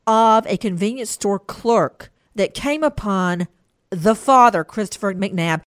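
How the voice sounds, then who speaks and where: A woman's voice: mid-range voice, takes it slowly, no room sound, studio quality. A woman hosting a true crime news talk show, speaking emphatically, repeating words and pressing her guests with questions. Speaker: host.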